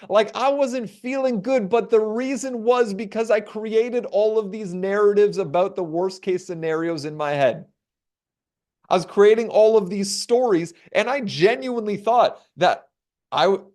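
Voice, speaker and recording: Animated, slightly high-voiced male storyteller. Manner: animated, acts out dialogue, dramatic pauses. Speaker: keynote speaker. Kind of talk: storytelling talk. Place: webinar.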